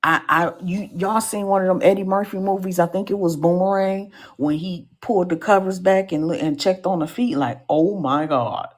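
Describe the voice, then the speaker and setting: A woman hosting a live podcast show, telling stories in an animated, slangy way with comic asides to the audience. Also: mid-range voice, brisk, few pauses. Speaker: podcast host.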